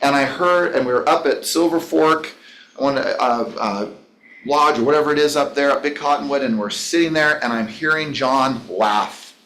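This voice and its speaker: A man running a motivational business training speaks at a moderate pace in a mid-range, fairly bright voice. He rambles enthusiastically and calls on listeners by name, and the training room sounds echoey.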